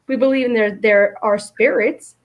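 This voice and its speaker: A woman's voice: fairly high pitch, fairly even intonation, normal speed, lo-fi sound. A woman hosting a talk show, asking pointed questions and giving many short backchannels. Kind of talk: casual interview talk.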